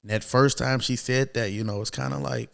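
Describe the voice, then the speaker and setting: A man in his thirties, a podcast guest, telling a personal story in a casual, animated way. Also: medium pitch, fairly quick, vocal fry. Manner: animated, acts out quoted voices, many fillers.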